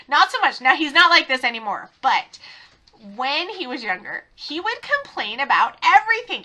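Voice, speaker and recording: A middle-aged woman hosting a podcast, talking in a chatty, animated way and laughing often. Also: a little high. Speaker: podcast host. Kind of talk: casual podcast monologue.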